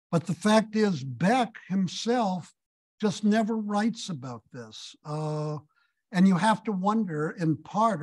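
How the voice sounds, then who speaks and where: A man giving a lecture as a visiting scholar, telling stories and leading an audience discussion with thoughtful pauses. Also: a little high, poor audio. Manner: storytelling, thoughtful, hesitant fillers. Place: synagogue hall.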